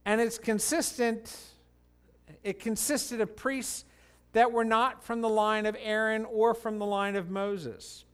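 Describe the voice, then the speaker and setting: A high-pitched man delivers a sermon at an unhurried, deliberate pace. He teaches earnestly through a scripture passage and lifts his voice when he quotes the people in the story crying out. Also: steady tone, smooth. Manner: slow, earnest Bible teaching, rising and loud when quoting cries. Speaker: pastor.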